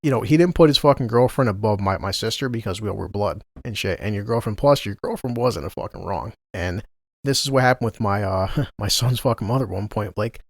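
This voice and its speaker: A quick-talking man, telling a rowdy family story on a podcast. He swears freely and laughs often. His voice is close and dry, with no room around it. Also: on the low side, vocal fry, dry recording. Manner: profane, laughs often, acts out family quotes. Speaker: podcast co-host. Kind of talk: casual storytelling chat.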